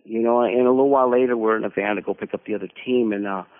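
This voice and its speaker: A man telling a personal story as a guest on a radio conversation, halting and repeating words as he searches for them. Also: on the low side, steady tone. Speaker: mission team leader, radio guest. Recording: narrow phone-like radio audio.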